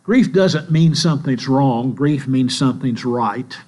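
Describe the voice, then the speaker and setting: An older man preaches in a church, telling his stories slowly and earnestly. His voice sits at an ordinary middle pitch. A faint mains hum runs under the recording. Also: a little mellow. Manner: slow, earnest storytelling. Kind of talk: sermon.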